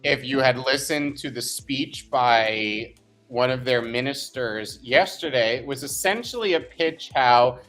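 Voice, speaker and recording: A man co-hosting a podcast who talks in an animated, opinionated, emphatic way. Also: medium pitch, unhurried, soft background music. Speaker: co-host. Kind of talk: casual podcast chat.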